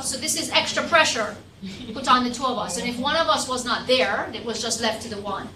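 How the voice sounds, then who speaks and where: A Jamaican woman lecturer leading a class discussion and telling animated stories about her school days. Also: a little high, a little fast, few pauses, a crowd in the background. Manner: animated storyteller, lively when retelling scenes. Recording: echoey classroom, distant mic, noisy.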